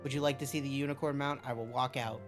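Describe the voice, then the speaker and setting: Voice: mid-range voice, fairly even intonation, fast, music in the background. A live game streamer chatting with viewers, reading game lines aloud and ranting with plenty of swearing. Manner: reads cutscene lines aloud, swears, rants loudly.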